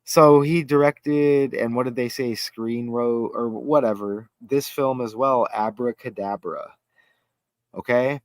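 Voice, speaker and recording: A man hosting a casual livestream chat, excitable and rambling, thinking aloud as he reads. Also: mid-range voice, slow, no room sound. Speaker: host.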